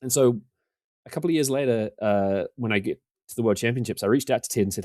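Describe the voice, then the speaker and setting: A New Zealand man in his forties, appearing as a podcast guest, talks fast in a low, mellow, easygoing voice while spinning a long, rambling, self-mocking yarn. He keeps slipping into the voices of the people he quotes. The recording is dry and close, with no echo or room sound.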